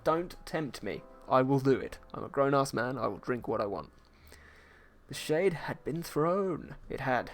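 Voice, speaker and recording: A man's voice: mid-range voice, animated, measured pace, faint music behind. A man chatting casually with his viewers on a livestream while he paints, playful and jokey as he reads the chat aloud. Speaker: livestreaming artist.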